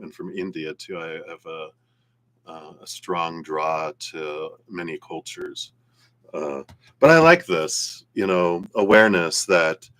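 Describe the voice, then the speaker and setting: A tarot reader with a very low, slightly bright voice gives a live reading. He speaks casually, drifts from one thought to the next, and laughs easily.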